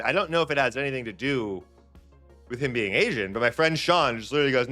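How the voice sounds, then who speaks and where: A man's voice: fairly high pitch, expressive, a little fast, bright, forceful tone, soft background music. A man hosting a live trading stream in a loose, chatty way, repeating phrases and restarting his sentences. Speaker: livestream trading host. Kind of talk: casual live-stream chat.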